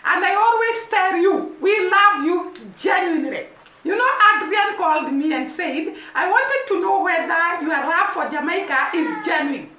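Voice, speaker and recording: A woman's voice: extremely high pitch, animated, normal speed, bright, forceful tone, roomy sound. A Kenyan woman vlogging to camera in an earnest, repetitive way, building emphasis as she speaks, with a baby crying nearby. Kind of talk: casual to-camera commentary.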